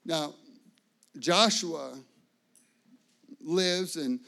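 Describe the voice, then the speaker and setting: A man preaching a sermon, telling a personal story with lively acted-out dialogue and frequent fillers. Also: on the high side, extremely slow, creaky. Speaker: pastor.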